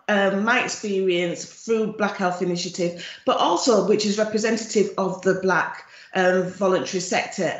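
A woman with a Jamaican accent, a charity chief executive giving a frank, emphatic presentation at a virtual conference. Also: medium pitch. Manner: frank, emphatic, speaks of her views directly. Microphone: video call computer mic. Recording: roomy, dull lo-fi video call audio.

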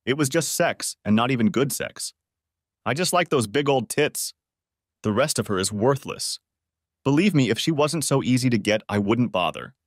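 A narrator doing a crude, defensive cheater who blusters and brushes things off, lifting his voice a little above the narration. The delivery swings in pitch and sounds dry and close. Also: lively intonation, normal speed, no echo, close to an everyday voice. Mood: dismissive. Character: caught adulterous man, defensive and crude.

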